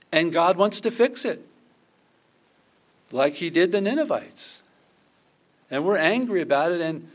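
Conversational man preaching a sermon. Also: on the high side. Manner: conversational preaching, acting out quoted prayers. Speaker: pastor.

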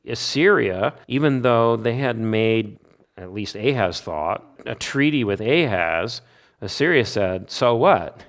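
A man's voice: fairly low pitch, expressive, a little slow. A man giving an expository Bible teaching, stressing points by repeating key phrases and posing rhetorical questions that he then answers himself. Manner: emphatic, asks rhetorical questions and answers them.

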